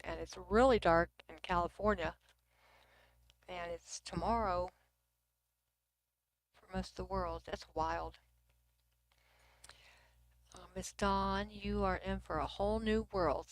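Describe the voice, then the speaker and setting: A woman's voice: on the low side, slight background noise. A middle-aged woman from Texas with a Texan accent, hosting a casual livestream and chatting with viewers at her computer, sometimes dropping to a near whisper. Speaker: livestream host. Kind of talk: casual livestream chat reading comments.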